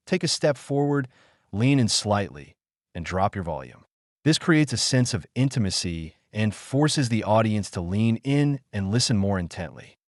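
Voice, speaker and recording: A man narrating an audiobook with a fairly low voice that rises and falls with plenty of movement. His delivery is measured and emphatic, like a coach laying out steps. The recording is dry and close, with no room sound. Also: dry recording.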